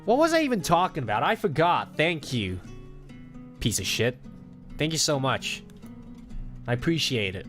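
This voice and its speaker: A man's voice: fairly high pitch, very animated, normal speed, pauses often, a bit bright, soft background music. A man streaming as a VTuber, chatting casually with crude jokes, trash talk and frequent laughter. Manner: crude, joking, trash-talking chat, laughing often.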